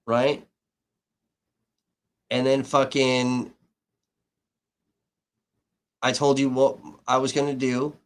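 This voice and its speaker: A male livestream host tells a story in loose, swearing-heavy speech that keeps heating up. His pitch sits in the ordinary middle range for a man. He reads as an independent reporter venting at his audience and laughs now and then between points. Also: little pitch movement, takes it slowly, long pauses. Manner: profane, heated retelling of a dispute.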